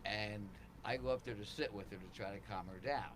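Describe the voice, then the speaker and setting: A man casually telling a comedy club story, loudly acting out the lines of the people in it. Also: lowish voice, fairly quick, noisy background. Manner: animated storyteller, acts out quotes loudly. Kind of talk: casual chat.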